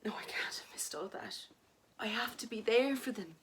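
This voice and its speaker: A woman voicing a frightened young Irish wife with a Dublin accent, her lines often breathy and whispered. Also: on the high side, animated, moderate pace, a bit bright, pitched above the performer's own voice. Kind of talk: dramatic story reading.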